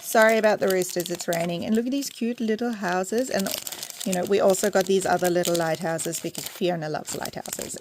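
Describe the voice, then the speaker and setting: A young woman with an Australian accent, chatting excitedly while unboxing her small business order at home. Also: mid-range voice, moderate pace, a little hiss or hum. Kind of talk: casual unboxing vlog. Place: home indoors, rain and roosters outside.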